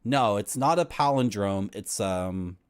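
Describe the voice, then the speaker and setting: Animated ranting male game streamer. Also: lowish voice, unhurried, clear, resonant tone. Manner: ranting, lively. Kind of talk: gameplay commentary and reading game text aloud.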